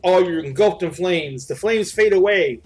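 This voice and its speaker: Higher-voiced man running a tabletop game. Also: animated, moderate pace, a little mellow. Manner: dramatic, playful narration with cursing. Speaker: game master.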